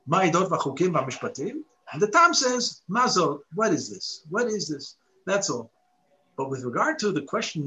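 High, lively-voiced man teaching Torah. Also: rough recording. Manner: explains step by step, recites Hebrew verses and poses rhetorical questions. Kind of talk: expository Torah lesson.

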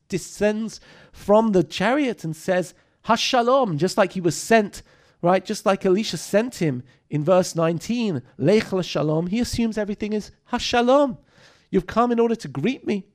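Animated male Bible teacher, higher voice. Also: normal speed. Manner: animated, reads Hebrew verses and explains them, asks rhetorical questions. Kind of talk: text study lesson.

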